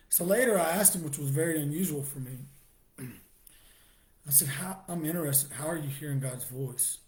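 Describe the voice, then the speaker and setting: In a halting personal testimony, a middle-aged man with a somewhat high voice begins sentences again and again. Every so often he laughs quietly.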